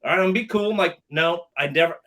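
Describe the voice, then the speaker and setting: A middle-aged man telling a story in casual chat, animated and profane, acting out both sides of a conversation. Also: sits high, rapid-fire. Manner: animated, acts out dialogue, swears often. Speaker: podcast guest telling a story.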